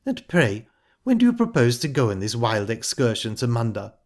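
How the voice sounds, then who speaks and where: A man's voice: medium pitch, sing-song, normal speed. A man doing a huffy, prim widow. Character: shallow, touchy widowed stepmother, easily offended.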